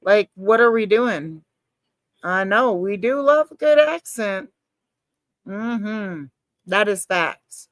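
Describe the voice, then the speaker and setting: A woman chats casually on a live stream, rambling, cursing and answering her chat. She calls herself a nervous person. Her voice sits at a middle pitch and sounds dry and close. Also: lively intonation, slow, pauses often, no room sound. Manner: rambling, swears, reacts to chat, self-described nervous.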